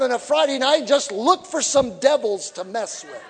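High-voiced preacher in an echoing hall. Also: male voice, moderate pace, hardly any pauses. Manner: animated storytelling with humor, shifts from quiet to shouting. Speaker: evangelist preacher. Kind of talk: sermon. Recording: echoey hall reverb.

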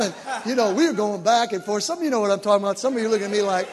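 A man's voice: high-pitched, rapid-fire, hardly any pauses, big-room sound. A man preaching a sermon, telling stories and acting out the voices of the people in them, building his points with repetition.

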